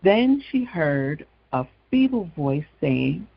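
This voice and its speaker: A man's voice: on the high side, a little slow, creaky, highs cut off. A man hosting an evening gospel talk show, telling a story with casual asides. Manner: conversational storytelling, frequent asides. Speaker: host.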